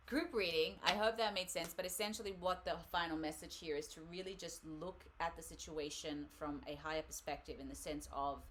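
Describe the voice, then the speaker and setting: A woman's voice: lowish voice, bright, forceful tone, slight background noise. A woman hosting a live tarot reading, talking casually and rambling with frequent laughs. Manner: chatty, rambling, laughs often.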